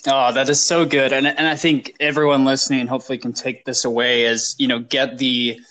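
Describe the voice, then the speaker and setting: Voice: medium pitch, flat delivery, brisk, a bit bright. Podcast host, effusive and enthusiastic, casual slangy talk. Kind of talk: casual interview conversation.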